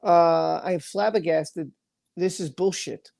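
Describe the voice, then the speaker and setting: A man's voice: a little high, steady tone, unhurried, creaky, a little mellow. A man hosting a livestream and ranting angrily, emphatic and repetitive, often stumbling over his words. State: angry. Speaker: livestream host. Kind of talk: angry livestream rant.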